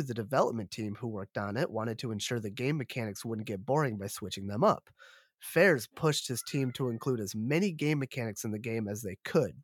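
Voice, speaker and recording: A man co-hosting a podcast while sick, giving steady informational rundowns with a playful edge. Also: medium pitch, slightly rough, dry recording, studio quality. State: sick, rough voice. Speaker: podcast co-host. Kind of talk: casual chat, reading notes.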